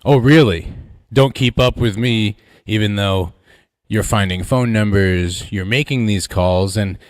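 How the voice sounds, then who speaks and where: A man's voice: lowish voice, measured pace, no room sound. A man co-hosting a livestream, rambling and sarcastic as he talks. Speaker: livestream co-host. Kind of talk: livestream commentary.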